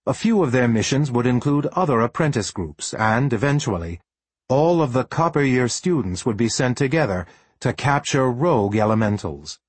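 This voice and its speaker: A man reading a storybook aloud as an audiobook narrator with expressive storytelling. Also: mid-range voice, moderate pace, slightly rough, no room sound. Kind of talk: scripted narration.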